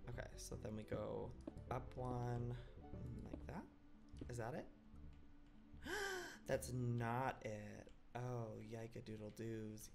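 An excitable young man narrates his game in the style of a let's-play, his voice leaping wildly up and down as he swings between fussing and mock-outraged shrieks. He talks to an unseen audience from a desk mic. Soft music plays faintly under him. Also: mid-range voice. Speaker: gaming YouTuber.

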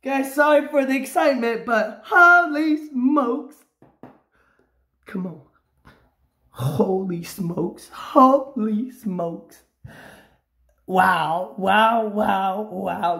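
A man filming himself scratching lottery tickets, bursting into loud repeated exclamations and catchphrases. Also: sits high, takes it slowly, vocal fry. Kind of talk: live reaction while scratching tickets. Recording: roomy echo.

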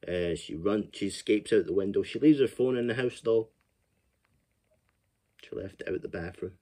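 Low-voiced man swearing through a film recap. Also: moderate pace, mellow. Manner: rambling, profane, laughs often. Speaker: film reviewer. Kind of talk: casual movie recap.

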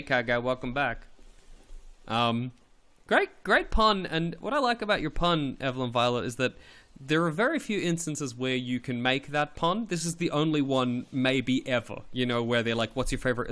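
A man streaming a game live, chatting casually and playfully with his chat, swearing now and then and swooping up in pitch when excited.

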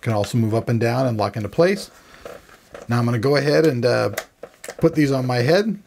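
A man's voice: mid-range voice, brisk, creaky, darkish tone, a little hiss or hum. A man giving casual, rambling commentary as he unboxes and reviews a gaming headset, joking at his own expense. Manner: chatty, rambling, self-deprecating. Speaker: tech reviewer.

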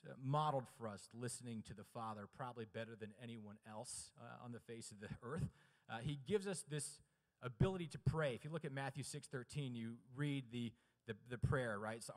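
Man preaching in a reverberant chapel. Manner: swings from hushed, low delivery to loud, high-pitched emphatic preaching; asks the audience questions and urges them to answer. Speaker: chapel speaker. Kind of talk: sermon. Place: college chapel.

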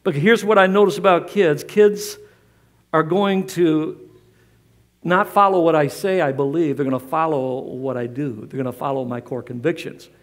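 High-voiced emphatic preaching man. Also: moderate pace. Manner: emphatic, repeats key lines. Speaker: pastor. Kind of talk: sermon. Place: church.

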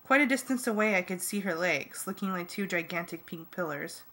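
A woman reading a fan audiobook in the first person, lively and jokey. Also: fairly low pitch, fairly quick. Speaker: audiobook reader.

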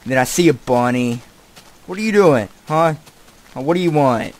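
A young man giving casual, distracted commentary while he plays a game. He swears often and keeps yelling at the animals and characters on screen. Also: medium pitch, expressive, normal speed. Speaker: gameplay commentator.

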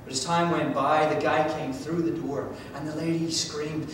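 High-voiced guy from georgia preaching, big swings loud to soft, recorded far off in a boomy church hall. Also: steady tone, normal speed. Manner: dramatic storytelling, swings from loud to hushed. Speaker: pastor. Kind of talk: sermon. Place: church sanctuary. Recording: echoey church hall from far off, faint rumble.

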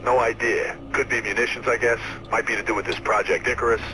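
An actor playing a seasoned male radio operator who guides a runner in a steady, fatherly, instructive way. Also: medium pitch, fast, lightly acted, low-quality recording. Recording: game audio with music underneath. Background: game music.

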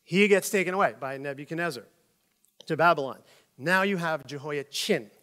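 Animated high-voiced male pastor. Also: moderate pace. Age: middle-aged. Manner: animated storytelling with jokes and acted-out voices. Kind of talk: conversational sermon.

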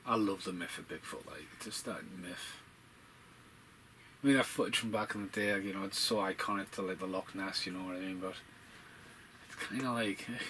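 A man giving casual, profane, rambling commentary over a film, getting excitable as he talks. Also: low voice, moderate pace, pauses often, slight background noise, low-quality recording.

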